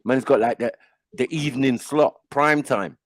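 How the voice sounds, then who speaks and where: In casual panel conversation, a middle-aged male host spins animated stories at a normal pace, doing the voices of anyone he quotes. His voice is medium-pitched, and the recording has no echo.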